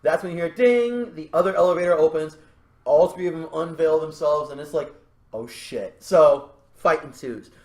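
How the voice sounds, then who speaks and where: Animated, laughing man in an echoey room. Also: fairly high pitch, moderate pace. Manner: animated, laughing, storytelling with put-on voices. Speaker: podcast host. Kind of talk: casual podcast chat.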